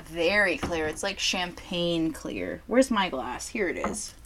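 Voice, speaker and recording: A woman from Canada co-hosting a relaxed chat show, talking casually and swearing often. Her voice is bright and a little high, and it swings widely in pitch as she tells stories with plenty of drama. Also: takes it slowly, slight background noise. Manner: swears freely, dramatic storytelling with shouted impressions. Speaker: podcast co-host reviewing drinks.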